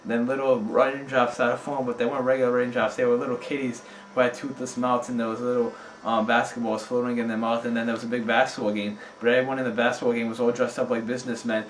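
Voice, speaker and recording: A man rattling off an improvised nonsense story in a rapid, deadpan stream of absurd events, recorded among friends. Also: medium pitch. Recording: echoey room from a distance, faint noise.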